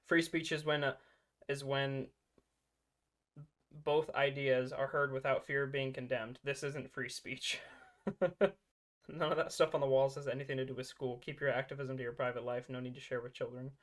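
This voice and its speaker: A man's voice: mid-range voice, little pitch movement, moderate pace, a bit bright. A man hosting a political reaction commentary, talking in a mocking, sarcastic way and breaking into laughter.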